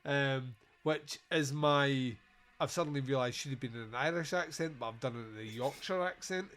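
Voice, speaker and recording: A man's voice: mid-range voice, brisk, a bit bright. A man hosting a podcast, recapping a film in casual, sweary, joking chat. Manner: sweary, jokey, quotes scenes in put-on voices. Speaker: podcast host.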